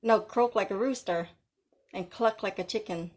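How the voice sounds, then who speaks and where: A woman's voice: mid-range voice, slow pace, a little mellow. A woman ranting in a vlog, giving mocking, bossy commands. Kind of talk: taunting vlog rant.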